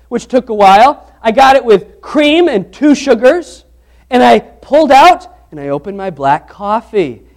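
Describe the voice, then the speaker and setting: A man with a strikingly high voice preaches to his congregation in a church. He talks like he is chatting with them, breaks into everyday stories and restarts his sentences as he goes. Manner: conversational, animated storytelling with restarts. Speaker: pastor. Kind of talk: sermon with humorous personal anecdote.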